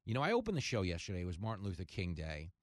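A man hosting a talk radio show in a fast, jokey monologue, breaking into loud comic bursts. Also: low-pitched, huge pitch swings, dry recording, studio quality.

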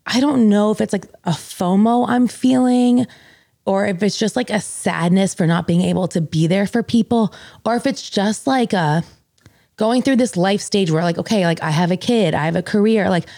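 A woman in her thirties talks through her feelings on a podcast, rambling and filler-heavy, close to tears. Her voice has a creaky fry, and the sound is dry with no room echo. She comes across as open and unguarded. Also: medium pitch, normal speed, mellow. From US East Coast. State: tearful. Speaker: podcast co-host. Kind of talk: casual chat.

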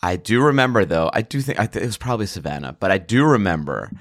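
A man's voice: fairly low pitch, very animated, fast talker, dry recording, studio quality. A male podcast host chatting casually, enthusiastic and explanatory about food.

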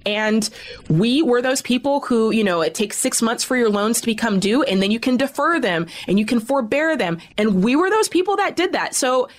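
A woman guest telling a personal story in an interview, emphatic and animated. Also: on the high side, moderate pace.

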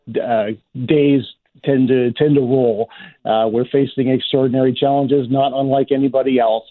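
A man who is a Salvation Army officer, speaking as a guest in a radio interview in an earnest, measured way, often hesitating and restarting. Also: medium pitch, no echo. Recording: tinny, dry phone line.

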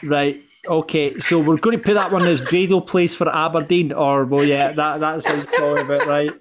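A man's voice: fairly high pitch, steady tone, moderate pace, a crowd in the background. A man hosting a football podcast in casual chat, dry as he steers each segment. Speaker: podcast host, runs the segments.

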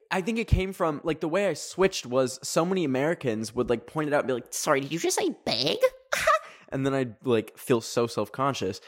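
A young man from Canada with a Canadian accent, hosting a casual solo podcast in a chatty, rambling way full of fillers. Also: medium pitch. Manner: chatty, rambling, many fillers, quick laughs. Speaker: podcast host.

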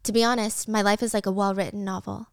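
Woman reading a gentle young man in charge, calm and measured, smooth clear voice. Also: medium pitch, no room sound, studio quality, close to an everyday voice. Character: gentle, thoughtful young male executive.

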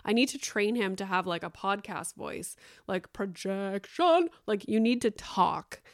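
Her mid-range voice moves at normal speed as she, a woman in her thirties, hosts her own podcast alone. She rambles casually with many fillers and the odd swear word, and the clean studio sound has no echo.

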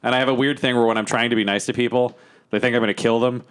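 A man playing a tabletop game, describing his character with quick, dry humor. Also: mid-range voice, steady tone, a bit bright, smooth. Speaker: player. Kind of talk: casual tabletop play.

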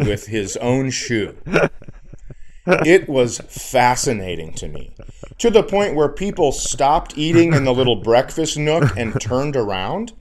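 A man in his forties, a podcast co-host telling a comedic story in casual chat, acting out the people in it. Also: medium pitch. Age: 40s. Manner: animated storyteller, acts out voices.

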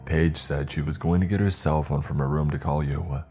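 A man voicing a grieving middle-aged father, speaking slowly in a wavering, broken baritone. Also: husky, soft background music. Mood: grief-stricken. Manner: slow, muttered, flat monotone.

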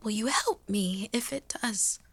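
A woman voicing a frightened young woman with a raw, hoarse throat, speaking in a hushed, breathy near-whisper. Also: medium pitch, unhurried, no room sound, voice pushed up. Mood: hushed pleading.

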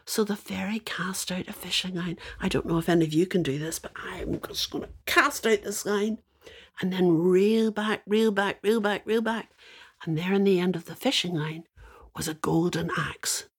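An older woman with a Northern Irish accent telling a fairy tale to children in a lively, dramatic way. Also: lowish voice, normal speed, breathy edge. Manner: lively, dramatic, playful asides. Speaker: storyteller. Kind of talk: storytelling to children.

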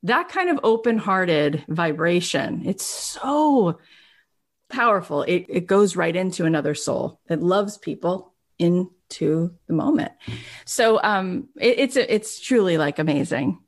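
A woman's voice: fairly low pitch, expressive, a little slow. A woman hosting an interview, speaking with emotion and effusive praise for her guest. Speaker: podcast host. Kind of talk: interview conversation.

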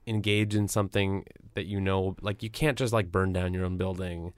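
A man's voice: low-pitched, fairly even intonation, moderate pace, clear, resonant tone, dry recording. A man being interviewed as a journalist and author, speaking casually with many fillers and restarts.

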